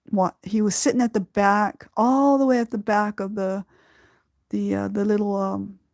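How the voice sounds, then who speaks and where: A woman from Southern California hosting a podcast, telling a personal story slowly and from the heart, often breaking into laughter. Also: medium pitch, a little mellow, no echo, clean studio sound. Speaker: podcast host.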